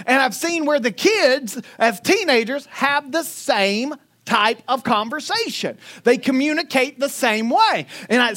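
A woman's voice: a little high, fairly bright tone. A woman in her forties from Northwest Florida, preaching a sermon in her Northwest Florida accent with conversational, joking asides to the congregation. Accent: Northwest Florida Southern. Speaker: pastor.

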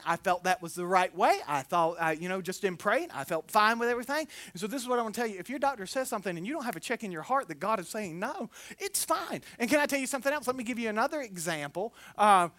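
A man preaches in a loose, storytelling way, slipping in jokes and taking on the voices of the people he describes. His tone is bright and ringing. The sound is dry and close, with no room echo. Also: high-pitched, lively intonation, a little fast. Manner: folksy and joking, acts out the people in his stories. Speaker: pastor. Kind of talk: conversational sermon storytelling.

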